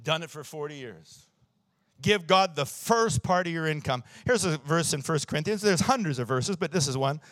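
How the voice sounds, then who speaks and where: A man's voice: on the high side, animated, normal speed, a bit bright, dry recording, clean studio sound. A man around sixty, preaching a sermon in church and telling stories with emphasis, often chuckling at his own jokes. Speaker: pastor.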